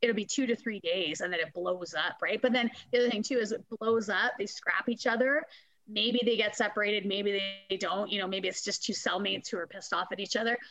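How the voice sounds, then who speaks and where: Lively woman with a dry close sound. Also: medium pitch, brisk, dry recording, poor audio. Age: adult parent. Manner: animated storyteller, acts out quoted voices. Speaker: corrections officer. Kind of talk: casual conversation.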